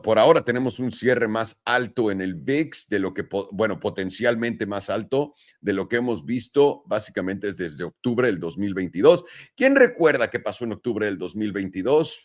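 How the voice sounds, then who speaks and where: A man, hosting casual market commentary in a relaxed, chatty way. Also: lowish voice. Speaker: trading channel host.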